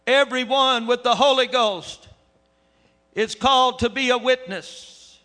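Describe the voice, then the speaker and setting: High-voiced fervent man preaching. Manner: fervent, rising to shouts. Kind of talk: sermon. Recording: echoey hall with long reverb.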